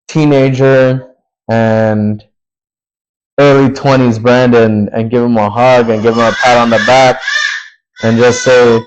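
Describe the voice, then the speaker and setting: Slow, earnest young man hosting a podcast. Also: mid-range voice, clear, resonant tone, lo-fi sound. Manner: slow, earnest, emotional and pausing. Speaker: podcast host. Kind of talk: reflective solo podcast talk.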